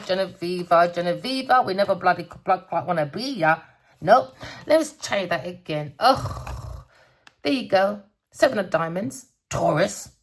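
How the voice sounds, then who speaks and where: A woman giving a theatrical tarot reading, sing-song and cussing, calling listeners darling. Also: mid-range voice. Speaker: tarot reader.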